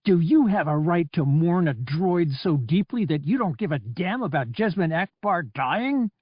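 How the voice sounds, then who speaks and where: A big male pilot, calm, cold and merciless, as a man reading an audiobook plays him. The delivery is slow and slightly husky. The recording is dry and dull. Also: fairly high pitch, dry recording, pitched above the performer's own voice. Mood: stern.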